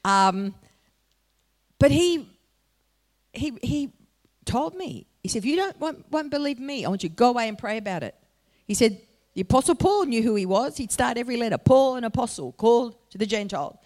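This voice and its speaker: A woman with a fairly high voice delivers a sermon. She tells her story in a conversational way, then builds to animated, emphatic preaching that rises in volume for key points. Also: normal speed.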